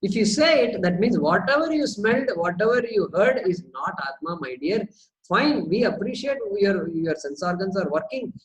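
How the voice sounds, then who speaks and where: A man leading a question-and-answer teaching session, lively, with lots of rhetorical questions and repeated words as he works through a point. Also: high voice, moderate pace, low-quality recording. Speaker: spiritual teacher.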